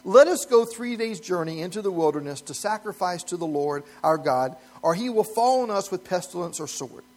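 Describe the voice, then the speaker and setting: A man's voice: sits high, lively intonation, moderate pace. A man pastor delivering a sermon in an earnest, emphatic preaching manner, chuckling lightly now and then.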